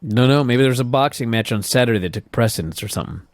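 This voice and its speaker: A man co-hosting a casual wrestling recap chat, an animated storyteller who swears often and acts out quotes. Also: mid-range voice, quick pace, no room sound. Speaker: podcast co-host.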